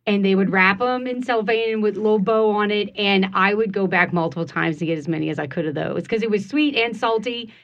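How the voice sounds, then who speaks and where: A woman's voice: medium pitch, fairly quick, hardly any pauses, fairly bright tone. Woman, chef guest, easygoing, slightly muffled studio recording. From St. John Parish, Louisiana. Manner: easygoing, laughs often. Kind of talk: casual radio interview. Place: radio studio.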